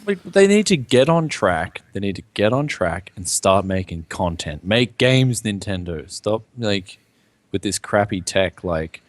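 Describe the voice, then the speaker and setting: A man's voice: mid-range voice, normal speed, dry recording. A young man co-hosting a gaming live stream in casual, rambling chat, filling his sentences with "like". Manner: animated, rambling, sprinkles "like".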